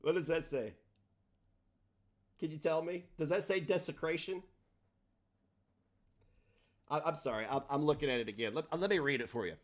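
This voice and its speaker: A man hosting a livestream, ranting in a combative, profane way, his delivery swinging between loud and soft. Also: fairly high pitch, brisk, pauses often. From United States. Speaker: livestream host.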